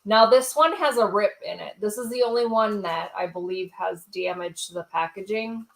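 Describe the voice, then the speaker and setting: A woman at mid pitch co-hosts a live-stream auction, naming one item after another in an easy, matter-of-fact voice. Her delivery is relaxed and casual, with short pauses as she picks up the next piece. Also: gravelly. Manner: matter-of-fact listing, brief laughs. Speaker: co-host showing items.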